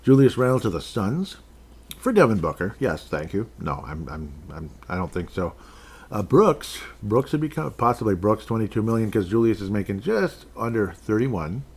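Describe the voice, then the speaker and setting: Man, lowish voice, casual sports podcast host, rambling, jokey. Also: sing-song, moderate pace, darkish tone, slightly rough. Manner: rambling, jokey, chuckles often.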